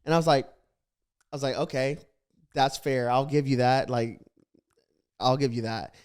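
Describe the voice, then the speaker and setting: A man's voice: medium pitch, moderate pace, clean tone. A young man hosting a podcast, casually recounting a story and acting out the back-and-forth. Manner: animated storytelling, acts out quoted exchanges. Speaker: podcast host.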